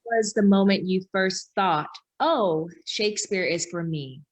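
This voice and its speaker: A woman's voice: mid-range voice, measured pace. A woman panelist carefully reading out an audience question.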